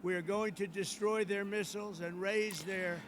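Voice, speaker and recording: Man, head of state, formal address, emphatic, repetitive, high voice, faint noise. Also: steady tone, normal speed, a bit bright.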